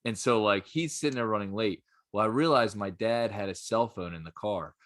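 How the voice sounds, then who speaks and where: A man's voice: lowish voice, normal speed, a bit bright. A man co-hosting a podcast in casual chat, rambling and peppering his talk with "like". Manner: rambling, full of "like" and restarts. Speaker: podcast co-host.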